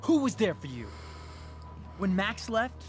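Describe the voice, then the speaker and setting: An actor playing a possessive, controlling teenage boy in a video game, intense and insistent with a creepy calm. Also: high voice, a little slow, faint music behind. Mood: coaxing.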